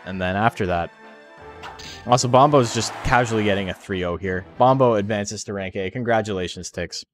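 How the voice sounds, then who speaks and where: A man with a fairly low pitch talks briskly over faint music. As a tournament commentator on a game live stream, he jokes around and rambles, dropping "like" all the time and swearing freely.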